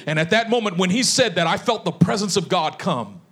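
Guy preaching, high voice, gets fired up and loud telling his story. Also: animated, brisk, few pauses, slightly rough. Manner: impassioned, builds to shouting. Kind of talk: storytelling sermon.

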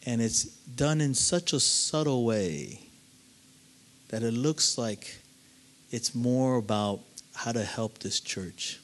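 A man voicing a tearful woman confessing to gossip, halting and sobbing in a hushed low voice. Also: animated.

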